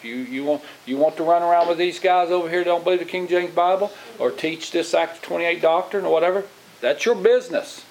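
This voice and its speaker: A man's voice: fairly high pitch, fairly quick, darkish tone, poor audio. A man preaching in a church as pastor, plain-spoken and conversational, often putting questions to the congregation. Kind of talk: sermon.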